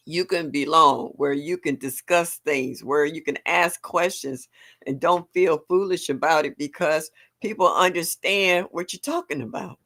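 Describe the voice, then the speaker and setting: A woman's voice: fairly low pitch, fairly bright tone. An older woman hosting a casual live stream, chatty and emotional, greeting her viewers by name between sighs and laughs. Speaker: livestream host.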